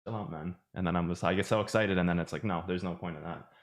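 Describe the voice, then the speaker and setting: Irish man, deep voice, chatty, rambling, self-mocking, live chart commentary. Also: fast talker. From Ireland. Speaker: trading streamer.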